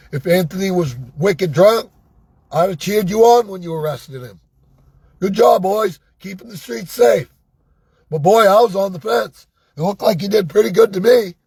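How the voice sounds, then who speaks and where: A man's voice: sits high, a little mellow, slightly rough, no echo. An older man talking in an agitated personal monologue, swearing and asking "right?" again and again. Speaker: vlogger.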